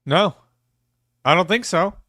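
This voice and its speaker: Male co-host, easygoing party-story type, lively intonation, dry recording. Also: high voice, slow, no echo. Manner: laid-back, boastful storytelling, calls people "baby". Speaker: podcast co-host. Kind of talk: casual livestream movie chat.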